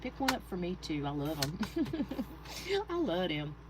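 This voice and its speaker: Chatty woman crafter with lively pitch. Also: a little slow, heavy background noise. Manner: chatty, laughs often, talks straight to viewers. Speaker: craft channel host. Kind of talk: casual livestream chat while crafting. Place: home craft room.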